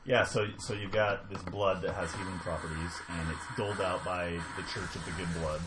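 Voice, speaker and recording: A man's voice: sits low, steady tone, normal speed, background noise. A man chatting casually on a livestream, explaining things in a rambling, easygoing way. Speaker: guest explaining game lore.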